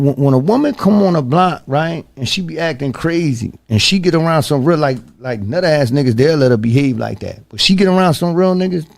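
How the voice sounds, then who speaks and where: A man's voice: medium pitch, gravelly, a little mellow. A man hosting a talk show, telling stories in a casual, emphatic way and calling his listeners "bro" often. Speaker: podcast host. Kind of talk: casual storytelling.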